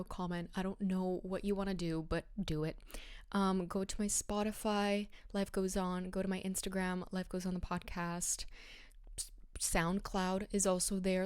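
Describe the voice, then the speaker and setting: A woman's voice: mid-range voice, a little mellow, smooth, no echo, clean studio sound. A young woman from Bulgaria hosting her own podcast in casual, rambling, self-deprecating chat, a little out of breath. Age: young adult. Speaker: podcast host.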